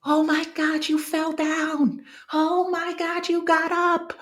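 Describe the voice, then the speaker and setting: Give me a woman playing a gushing adult praising a baby in a high, sing-song voice. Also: completely flat delivery, slow pace, fairly bright tone, full character voice.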